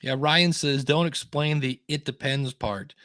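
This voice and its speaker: A man's voice: mid-range voice, steady tone, measured pace, pushed and bright, dry recording, studio quality. Chatty man hosting a podcast. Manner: rambling storyteller, acts out quotes in funny voices. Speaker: podcast host. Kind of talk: casual podcast chat.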